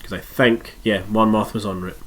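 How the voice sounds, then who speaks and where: A man's voice: on the low side, fairly even intonation, moderate pace, a bit bright. A man streaming a strategy game live, thinking aloud through his moves in a congested, nasal voice. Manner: thinks aloud while playing, musing and self-correcting.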